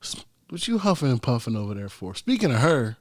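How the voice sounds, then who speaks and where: A man's voice: medium pitch, very animated, fairly quick, no room sound, studio quality. A young man, hosting his own podcast and rambling through stories in a loose, profane, offhand way. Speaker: podcast host. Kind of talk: casual solo podcast chat.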